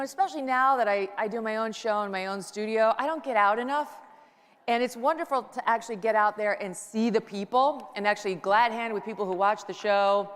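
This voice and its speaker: A woman's voice: fairly high pitch, a little hiss or hum. A middle-aged woman giving a joking, chatty speech from a conference stage, telling stories to the crowd. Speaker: conference speaker, talk show host. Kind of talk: lively stand-up style speech. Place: large conference hall. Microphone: handheld mic on stage. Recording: long hall reverb.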